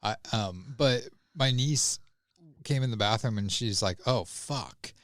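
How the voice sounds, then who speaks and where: A man co-hosting a podcast in casual chat, halting and hesitant as he talks. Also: mid-range voice, fairly bright tone, no echo, studio quality. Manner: hesitant, many fillers and restarts, halting. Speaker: podcast co-host.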